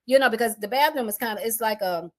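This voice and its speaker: A middle-aged woman recounts a frightening day with lively, animated storytelling. She slips into the voices of her husband and children as she goes. Her voice sits a touch high for a woman. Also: quick pace. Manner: animated, acts out voices of family members. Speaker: homeowner telling her storm story. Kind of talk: emotional personal storytelling.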